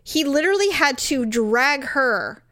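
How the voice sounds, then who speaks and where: A woman's voice: high-pitched, expressive, unhurried, fairly bright tone. A woman co-hosting a casual chat show, blunt and profane, acting out the people she quotes. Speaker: podcast co-host.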